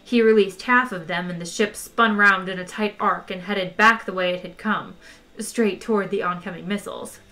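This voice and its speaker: A woman reading a comic science-fiction novel aloud in a lively, wry way. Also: medium pitch, moderate pace. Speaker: audiobook reader. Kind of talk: expressive audiobook narration.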